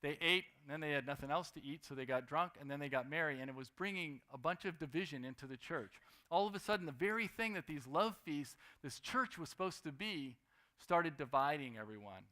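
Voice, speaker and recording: Bright-voiced man preaching a sermon. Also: fairly high pitch, brisk. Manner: lively, shifts between loud emphasis and quiet asides.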